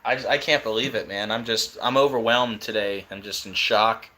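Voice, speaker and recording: A young man hosting a live stream, talking casually and excitedly in disbelief. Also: lowish voice, normal speed.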